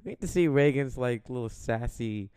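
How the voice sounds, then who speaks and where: A man's voice: mid-range voice, normal speed, dark tone, smooth. A young adult man co-hosting a podcast in casual chat, teasing, rambling and laughing often. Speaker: podcast co-host.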